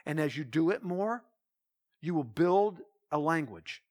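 An insistent, matter-of-fact coworker explains what to do, step by step, voiced by a preaching man. His voice sits fairly high, and his tone stays plain and sure. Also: lively intonation, measured pace, a little mellow. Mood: instructing. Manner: plain, instructing.

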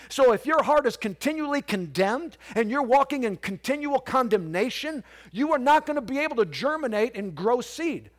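Lively high-voiced preacher man. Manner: preacher's swings from quiet to loud, squawking parrot imitations. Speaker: pastor. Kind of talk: sermon.

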